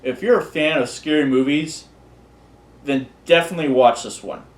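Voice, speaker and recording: A man's voice: on the high side, moderate pace. A man casually presenting a countdown of favorite videos, rambling and often restarting his words. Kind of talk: casual unscripted commentary. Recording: echoey room.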